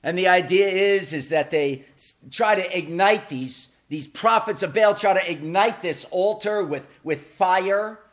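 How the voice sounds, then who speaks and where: A man with a notably high voice delivers a sermon from the pulpit of a church. His delivery is dramatic and emphatic, swelling to loud peaks and dropping to hushed, intimate lows. He repeats words as he builds momentum. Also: measured pace. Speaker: preacher.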